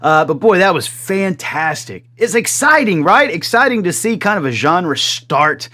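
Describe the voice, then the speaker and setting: A man in his forties hosts a music reaction video. His voice is fairly high for a man. He talks in an animated, excitable way and swears casually as he comments. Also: unhurried. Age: 40s.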